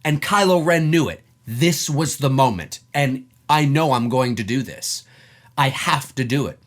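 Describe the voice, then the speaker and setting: A man's voice: medium pitch, lively intonation, measured pace. A man giving an emphatic, profane opinion vlog about a film scene, acting out quoted lines as he goes. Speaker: film commentator.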